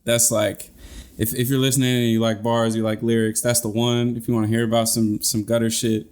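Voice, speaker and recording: A man's voice: medium pitch, flat delivery, brisk, a little mellow. A man co-hosting a podcast, talking in a laid-back, slangy way with many restarts. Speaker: podcast co-host. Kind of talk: casual chat.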